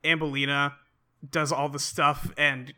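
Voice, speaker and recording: A man's voice: fairly high pitch, flat delivery, measured pace, sharp tone. A man co-hosting a casual podcast, tossing in wry jokes about a comic book. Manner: joking, wry asides. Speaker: podcast co-host.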